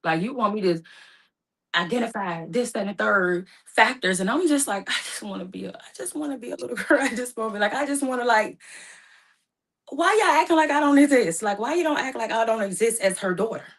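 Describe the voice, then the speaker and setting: A woman recounting a painful personal story in casual, informal speech, her voice rising high and loud when distressed. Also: expressive, fairly quick. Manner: speaks casually with informal phrasing. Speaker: guest telling her story.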